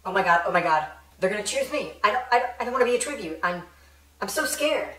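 A man's voice: high-pitched, lively intonation, fast talker, bright, forceful tone, pitched above the performer's own voice. A man voicing a panicking young girl who babbles in frantic repetition. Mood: panicked. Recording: roomy echo.

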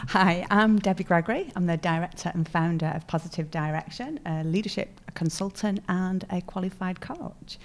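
A woman's voice: fairly low pitch, normal speed, hardly any pauses. A middle-aged woman with a Manchester accent, a guest explaining her work in a casual podcast chat, laughing easily. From England. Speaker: guest, leadership consultant.

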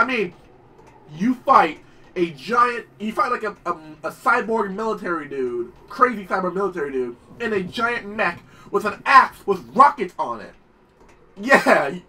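Young gamer guy rambling and swearing, high lively voice, off mic with background noise. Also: fairly quick, distant mic. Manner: excitable, profane, rambling. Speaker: gaming channel host. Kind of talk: let's play commentary.

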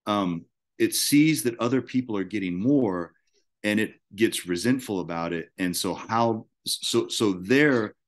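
Low-voiced man, halting guest. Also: animated. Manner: halting, many restarts and filler "uh"s. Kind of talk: casual discussion.

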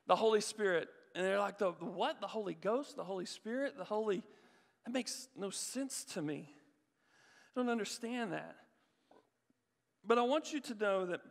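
A man in his thirties gives an energetic sermon, his high voice jumping from story to point. He acts out the people in his anecdotes as he talks. The sound rings on in a large church hall. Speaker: guest pastor. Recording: long reverb of a church hall.

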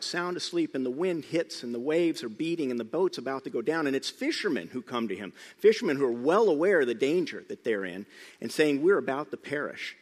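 A middle-aged man preaching a sermon, telling the story with lively emphasis, sometimes loud and sometimes hushed. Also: medium pitch. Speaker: pastor. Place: church sanctuary. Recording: church hall reverb.

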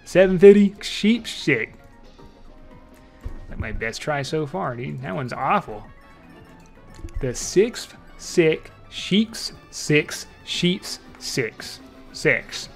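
A young man giving live gameplay commentary, excitable and trash-talking, swinging between low mutters and loud shouts. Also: very slow, vocal fry, pauses often, faint music behind. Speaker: streamer playing an online game.

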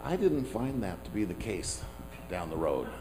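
A man's voice: low voice, sing-song, moderate pace, noisy background. A man preaching a sermon as pastor, talking in a conversational, self-deprecating way with asides to the congregation.

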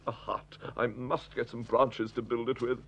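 Hector, a pompous greedy dog. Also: male voice, medium pitch, flat delivery, normal speed, gravelly, a bit bright, a little hiss or hum. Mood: jolly. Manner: pompous, chuckling, fussy. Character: Hector, a greedy good-natured old dog. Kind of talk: dubbed cartoon acting.

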